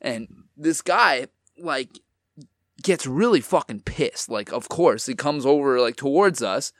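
A man's voice: mid-range voice, animated, a little slow, dry recording, clean studio sound. A young man telling a story in a casual podcast chat, loose and full of swearing and "like" fillers.

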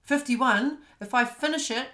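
A woman in her fifties with a New Zealand accent, a podcast host and coach telling a personal story in a fast, animated, frank way. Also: high-pitched, roomy sound. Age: 50s.

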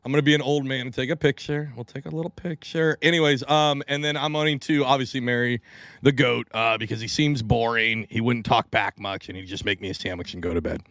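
A man's voice: mid-range voice, steady tone, fast, fairly bright tone, no room sound. A man co-hosting a casual fishing podcast, talking bluntly with plenty of swearing and jokes. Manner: blunt, profane, joking.

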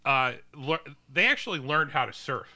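Brief: male podcast co-host, very bright and crisp tone, dry close mic, loose rambling delivery. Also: mid-range voice, animated, moderate pace, dry recording. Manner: rambling, many fillers and restarts. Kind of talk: casual movie chat.

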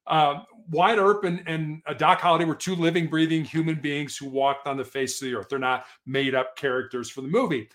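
A man's voice: on the high side, fairly even intonation, a little fast, hardly any pauses, fairly bright tone. Earnest man telling a motivational story. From Colorado, USA. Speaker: guest.

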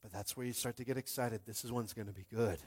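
A man preaching a sermon as pastor, animated, swinging from hushed confiding to shouting and acting out little scenes. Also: fairly low pitch, quick pace, slightly rough.

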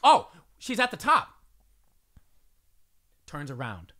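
Animated man telling a story. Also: on the high side, takes it slowly. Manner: acts out quotes in shifting voices, lively. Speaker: storyteller in a group chat.

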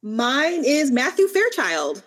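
A woman's voice: high voice, big pitch swings, takes it slowly, fairly bright tone. Chatty woman co-hosting a book podcast. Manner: chatty, laughs easily. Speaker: podcast co-host. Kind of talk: casual book-review chat.

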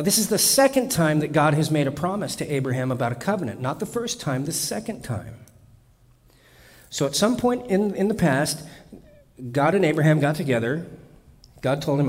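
Guy preaching, chatty and joking, stumbles a bit, long echo in the hall. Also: fairly high pitch. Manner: conversational and humorous, with restarts. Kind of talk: sermon.

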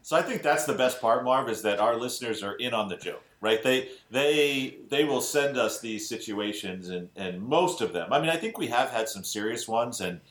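A man hosts a relaxed podcast, reading out listener questions and laughing along with his co-hosts. His voice moves lively up and down. The room around him sounds echoey. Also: medium pitch, normal speed, hardly any pauses. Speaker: podcast host. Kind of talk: casual podcast chat.

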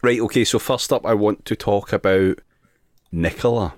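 A man hosting a podcast, presenting news stories with dry, deadpan humor. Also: lowish voice, moderate pace, dry recording. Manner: dry, deadpan, laughs often. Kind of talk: casual news banter.

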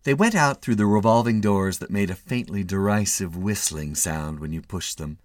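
A man reading a short story aloud in an expressive, measured way. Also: sits low, no room sound, studio quality. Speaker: narrator.

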